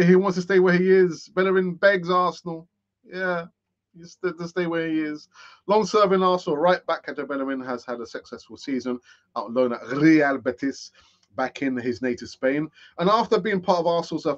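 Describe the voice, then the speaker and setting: A man with a somewhat high voice talks through football transfer news in a loose, rambling way, full of chatty asides and jokes at his own expense. He sounds tired, and the recording is dull and lo-fi. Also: fairly bright tone. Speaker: football fan channel host. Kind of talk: casual transfer news chat.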